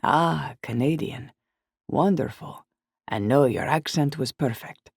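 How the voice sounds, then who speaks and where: A woman's voice: rumbling low, takes it slowly, creaky, darkish tone, slightly rough, no room sound, studio quality, full character voice. A woman voicing a friendly young glassblower with a playful, showman-like manner.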